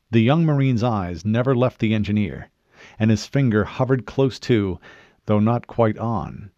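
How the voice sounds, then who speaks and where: Low-voiced guy reading an audiobook, dull dry lo-fi sound. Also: darkish tone, dry recording. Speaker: audiobook narrator. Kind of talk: scripted audiobook narration.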